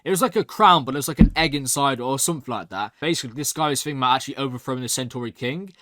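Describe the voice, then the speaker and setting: A young man hosting a reaction channel, excitedly rambling through a recap with lots of "like". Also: medium pitch, racing, no echo, clean studio sound. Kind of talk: casual recap and review.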